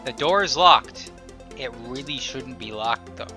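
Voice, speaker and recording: A young man narrating his gameplay in bright, forceful tones. He jokes, rants in mock fury and hums his own sound effects as he goes. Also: mid-range voice, expressive, a little slow, faint music behind. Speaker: gameplay YouTuber. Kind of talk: let's play commentary.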